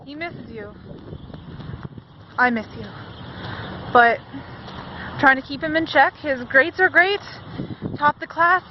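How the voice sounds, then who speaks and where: A woman's voice: high voice, a little hiss or hum. A woman playing an earnest young male teacher and pilot's fiance, talking wistfully to his absent partner in a cosplay vlog. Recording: dull lo-fi camera audio.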